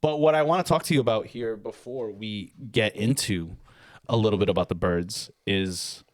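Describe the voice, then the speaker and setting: A man's voice: on the low side, normal speed, no echo. Goofy joking man co-hosting a podcast. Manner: goofy, joking, playful riffs. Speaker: podcast co-host. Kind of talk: casual sports podcast chat.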